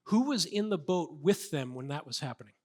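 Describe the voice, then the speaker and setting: A man's voice: fairly high pitch, animated, brisk, a little mellow. A man preaching a sermon as a pastor, earnest and conversational, with casual fillers.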